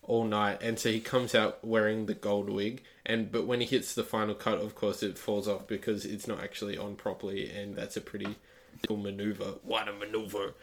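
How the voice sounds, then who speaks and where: A man's voice: on the low side, little pitch movement, normal speed. A young man co-hosting a wrestling review podcast, dryly teasing his co-host and sharing trivia. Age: young adult. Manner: dry, teasing, tells fun facts. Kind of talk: casual wrestling review chat.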